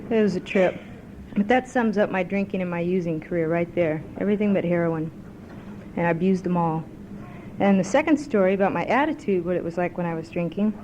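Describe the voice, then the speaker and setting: A woman's voice: on the low side, brisk, lo-fi sound, noisy background. A woman speaking at a recovery meeting, a chatty, self-mocking storyteller who tells a joke. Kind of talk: personal recovery talk with a told joke. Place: club meeting room.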